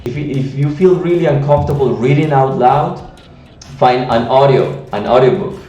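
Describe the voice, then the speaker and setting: A man's voice: medium pitch, moderate pace, warm tone, reverberant, recorded from a distance, lo-fi sound. A man with a Latin American Spanish accent, giving an earnest teaching talk on language learning with frequent restarts. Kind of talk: teaching monologue to camera.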